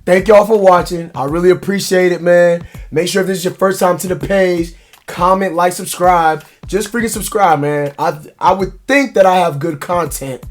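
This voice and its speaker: A man's voice: high-pitched, fairly even intonation, normal speed, faint music behind. A man hosting a reaction video, laid-back and slangy, reacting casually.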